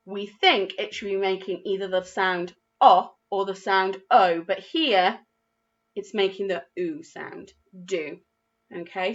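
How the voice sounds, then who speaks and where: A woman with an English accent teaching a phonics lesson to young children, spelling words out slowly and praising their efforts. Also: medium pitch, fairly bright tone, dull audio. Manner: slow, clearly spelled-out words with encouraging praise. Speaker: primary school teacher.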